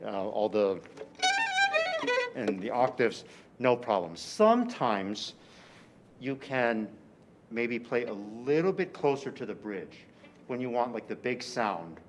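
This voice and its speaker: Animated man coaching a violin master class. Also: medium pitch, slow, pauses often, loud music behind the voice. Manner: animated, exaggerated teaching delivery with repeated phrases. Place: rehearsal room.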